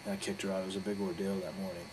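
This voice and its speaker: During a candid interview, a wrestler recounts a tale bluntly and with plenty of cursing, wandering from one detail to another. He speaks rapidly, his voice lowish, against persistent background noise.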